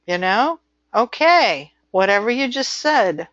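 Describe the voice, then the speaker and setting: An American woman lectures in a relaxed, rambling way, peppering her talk with ums and "you know." Her pace is unhurried and deliberate. The recording is dry and a little muffled. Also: medium pitch, no room sound. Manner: chatty, filler-heavy, slow and deliberate. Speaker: instructor.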